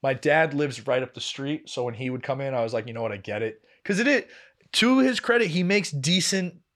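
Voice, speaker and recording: A young man co-hosting a podcast tells a long anecdote in casual conversation. His voice sits a little above the usual male pitch. He acts out each quoted person, laughs at himself, and swears without a second thought. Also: animated, moderate pace, a bit bright. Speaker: podcast co-host. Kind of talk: casual storytelling chat.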